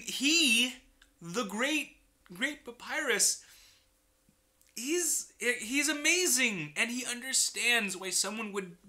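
A man's voice: very high-pitched, bright, forceful tone. A man giving casual, rambling gaming commentary full of crude joking asides. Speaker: let's play streamer.

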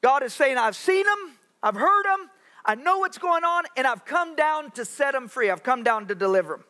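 High, bright-voiced preaching pastor. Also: male voice, expressive. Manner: preaching with dramatic pauses, acting out Bible voices. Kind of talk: sermon. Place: church sanctuary.

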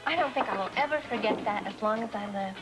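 An actress playing an excitable, chatty young woman in a 1980s daytime soap, rambling on breathlessly. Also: medium pitch, fast, music in the background, lightly acted, poor audio.

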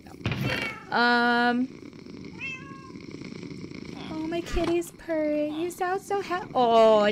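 High-pitched girl streaming a game, gets super excited, swears, noisy background. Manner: excitable, swears, laughs often. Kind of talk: let's play commentary.

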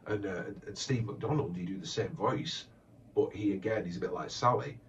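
A man's voice: fairly low pitch, moderate pace, a little hiss or hum. A man who makes comedy voiceover parodies, answering fan questions in a hesitant, chatty way. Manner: hesitant, many fillers and restarts, chatty. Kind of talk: casual Q&A chat. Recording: distant muffled lo-fi mic.

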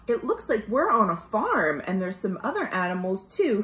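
A woman, a children's librarian, reading a picture book aloud at home in an animated storytime voice, asking the children questions along the way. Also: medium pitch, a little slow, echoey room, a little hiss or hum. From United States.

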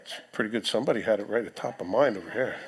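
A pastor, preaching a sermon in a conversational way, with joking asides to the congregation. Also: male voice, fairly low pitch, expressive, rapid-fire. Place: church sanctuary.

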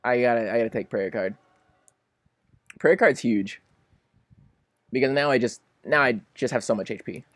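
Young male gamer, animated swooping delivery, dry close mic, over-the-top reactions. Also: medium pitch, moderate pace, pauses often, no echo. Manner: excitable, melodramatic, swings between pleading and laughing. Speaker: gaming commentator. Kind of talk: casual let's-play commentary.

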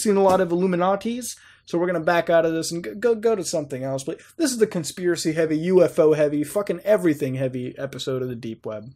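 A man's voice: fairly high pitch, a little mellow. A young man hosting a gaming channel, rambling and swearing casually as he browses websites and laughs at them. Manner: profane, rambling, laughs often.

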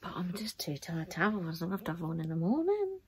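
A woman's voice: on the low side, big pitch swings, quick pace, a little mellow. A middle-aged woman, chatting casually and wearily to camera in her bedroom. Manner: chatty, tired, rambling. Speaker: vlogger. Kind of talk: casual vlog chat.

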